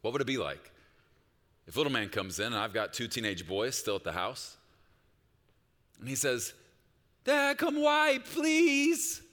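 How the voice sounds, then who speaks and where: A pastor delivering a sermon, moving between quiet reflective passages and loud, urgent appeals. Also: male voice, fairly low pitch, expressive, normal speed, long pauses, long reverb tail. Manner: swings from hushed reflection to loud, rising exhortation.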